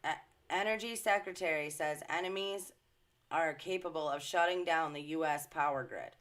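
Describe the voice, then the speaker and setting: A woman's voice: low voice, normal speed, fairly bright tone. A woman giving an indignant, emphatic commentary to her followers, swearing freely. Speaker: social media commentator. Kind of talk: casual ranting commentary.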